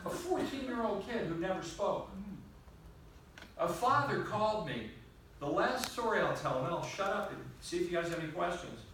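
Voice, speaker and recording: A man giving a storytelling presentation to a live audience, animated and acting out the voices of the people he quotes. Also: sits high, normal speed. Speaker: presenter at an evening session. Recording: very echoey room, far from mic, faint hiss.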